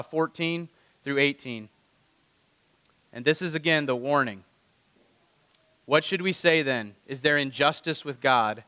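Male pastor, bright and forceful, preaching with lively rhetorical questions; dry close mic with a long hall tail. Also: on the high side, clear, resonant tone. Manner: animated, rhetorical questions to the congregation. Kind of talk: sermon.

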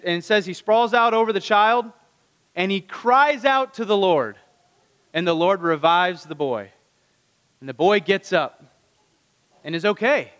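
Pastor, man, high-pitched, lively storyteller voicing the characters, church hall reverb. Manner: animated storytelling, acting out the characters' lines. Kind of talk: sermon. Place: church room.

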